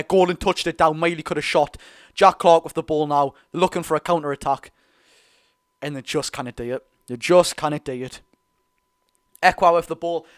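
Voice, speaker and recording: A young man with a Geordie accent giving live, excitable fan commentary on a football match, swinging between loud cheering and low muttering. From North East England. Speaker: football watch-along host.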